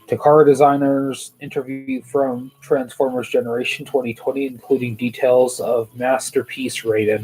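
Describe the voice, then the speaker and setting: A man with a mellow, medium-pitched voice hosts a casual toy news show, rambling hesitantly and filling gaps with lots of fillers. He sounds tired and sleepy, yawning as he goes, and the recording is rough.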